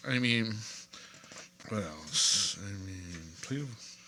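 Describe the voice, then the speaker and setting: Slow, rambling man with a bright voice. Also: lowish voice, expressive. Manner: rambling, digressive, pauses often to leaf through a book. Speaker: video creator. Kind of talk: off-the-cuff rant.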